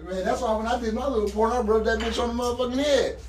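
A man with a strikingly high voice hosts a loose podcast chat. He tells his stories with lots of laughter and profanity, keeps the energy animated, and slips into quick voiced quotes. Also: slight background noise. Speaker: podcast host. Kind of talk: casual chat, storytelling.

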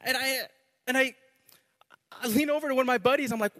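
Man, pastor, high voice, animated sermon, loud to hushed, long hall echo. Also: a little fast. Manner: animated, repeats words, swings loud to soft.

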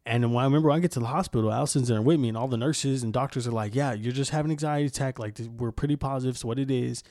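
A man's voice: medium pitch, racing, a little mellow, no echo, clean studio sound. A young man hosting a casual podcast, telling a story in a candid, rambling way with lots of swearing. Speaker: podcast host.

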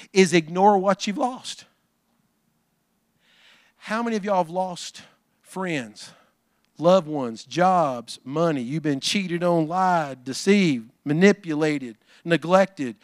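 A man preaching a sermon, folksy and talking to the congregation, swinging from low asides to shouted calls. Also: no echo, clean studio sound. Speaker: pastor.

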